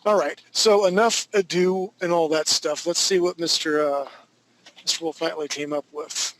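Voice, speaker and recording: A man's voice: on the high side, fairly even intonation, normal speed, a bit bright, a little hiss or hum, low-quality recording. A man teaching a live concept-art class, chatting casually and rambling through jokey stories and asides.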